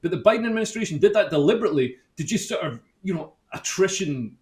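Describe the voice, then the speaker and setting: Wry podcast co-host. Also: male voice, high voice, lively intonation, fast talker, a little mellow. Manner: wry, joking asides. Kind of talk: casual chat.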